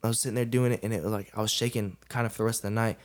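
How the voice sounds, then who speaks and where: A man's voice: on the low side, steady tone, racing. Laid-back young man telling a story. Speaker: podcast guest. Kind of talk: casual storytelling interview.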